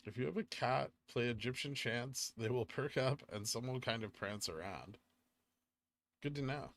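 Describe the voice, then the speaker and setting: A man's voice: mid-range voice, normal speed, fairly bright tone. A man hosting a casual livestream, answering viewer chat questions in a laid-back, offhand way. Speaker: livestream host reading chat.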